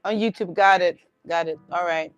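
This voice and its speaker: A woman's voice: fairly low pitch, fairly even intonation, clean tone, lo-fi sound, faint music behind. A woman hosting a sound-healing live stream, chatting casually with listeners, laughing often and checking in with "all right?". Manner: slow, dreamy voice when describing visions. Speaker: host and sound healer.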